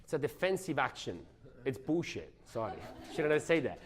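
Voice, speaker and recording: A man giving an energetic, emphatic sales training talk, often asking the audience questions. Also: on the high side, moderate pace.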